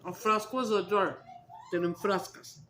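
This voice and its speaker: A woman's voice: mid-range voice, fairly even intonation, moderate pace, a bit bright, a little hiss or hum. A woman chatting casually to her viewers as a vlogger, laughing often and mixing in Spanish. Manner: giggly, breaks into laughter, mixes Spanish into English. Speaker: mukbang vlogger.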